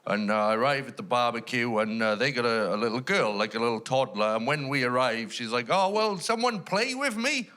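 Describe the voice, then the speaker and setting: A man's voice: mid-range voice, fairly even intonation, a little fast, few pauses, sharp tone. A Welsh man doing dry, self-deprecating stand-up storytelling on a theatre stage. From Wales. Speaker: stand-up comedian. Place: large theatre stage with a live audience. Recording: live theatre with background noise.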